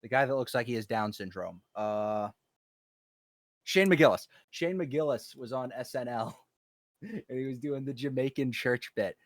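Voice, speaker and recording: A man's voice: mid-range voice, moderate pace, no echo, clean studio sound. A man chatting casually on a stream, joking crudely.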